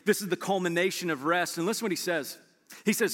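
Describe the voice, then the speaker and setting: A man preaching a sermon as pastor, animated and acting out his listeners' replies. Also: sits high, quick pace, in a large hall.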